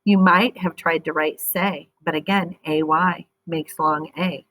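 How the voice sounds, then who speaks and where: A woman's voice: low-pitched, fairly even intonation, measured pace, a bit bright, poor audio. A woman teaching a phonics lesson, patient and encouraging as she reads a story aloud and talks through the sounds.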